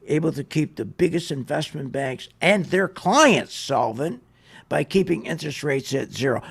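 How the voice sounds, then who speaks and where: A man's voice: a little high, gravelly, husky. A man hosting a radio show, delivering sarcastic, ranting market commentary. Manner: ranting, sarcastic, mocks others in put-on voices.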